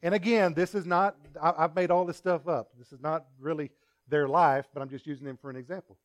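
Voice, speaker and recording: A male pastor delivering a sermon as a string of everyday stories, turning often to the congregation with asides. He swings between punchy emphasis and quiet remarks, in a voice that sits fairly high for a man. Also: fairly even intonation, brisk, noisy background. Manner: conversational storytelling with asides to the congregation.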